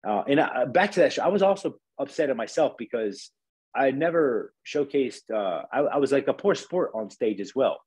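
A man's voice: mid-range voice, lively intonation, moderate pace, darkish tone, slightly rough, poor audio. A man in his thirties, a podcast guest, telling his story candidly and emotionally, often tagging on "right?" and swearing casually.

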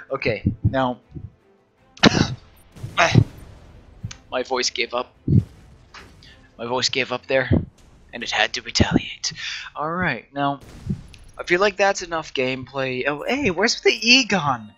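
A man's voice: medium pitch, expressive, takes it slowly, long pauses, pushed and bright, dull audio. A man giving rambling, self-deprecating let's play commentary, often talking to himself. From United States. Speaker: gaming channel host.

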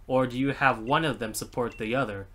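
Man reading as a confident female gym trainer, game dialogue, bright everyday voice, mid pitch. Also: brisk, close to an everyday voice. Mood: challenging. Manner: reads game dialogue aloud plainly.

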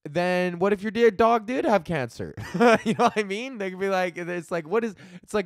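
Rambling, swearing thirty-year-old podcast host. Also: male voice, fairly high pitch, lively intonation, brisk, hardly any pauses, no room sound, clean studio sound. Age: 30s. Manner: rambling, swears often, laughs at his own jokes. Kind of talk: casual solo comedy podcast rant.

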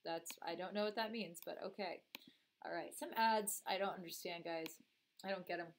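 A woman's voice: fairly low pitch, normal speed. Woman reaction vlogger with a cold, casual and chatty, talks straight to viewers. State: has a cold.

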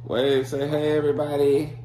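A man's voice: fairly high pitch, completely flat delivery, moderate pace, mellow. A young man hosting a casual home vlog, playfully coaxing kids and dogs and laughing often. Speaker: vlogger. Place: home kitchen. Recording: noisy home recording.

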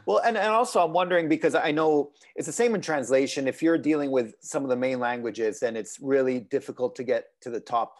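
Host, male, from Italian-speaking Switzerland, mid-pitched voice, loose questions that he keeps rewording. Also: fairly quick, hardly any pauses. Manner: rambling, rephrasing questions as he goes. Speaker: interviewer host. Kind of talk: conversational interview.

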